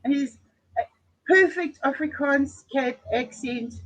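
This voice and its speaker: A woman's voice: high voice, slow, fairly bright tone, highs cut off. A woman guest on a live stream, a chat moderator, telling stories in a chatty way and laughing often.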